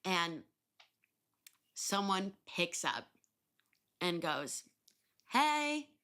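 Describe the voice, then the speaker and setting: A woman in her twenties hosting a podcast, telling a story in a casual, animated way, swearing freely and acting out what people said. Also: on the low side, normal speed. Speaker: podcast host.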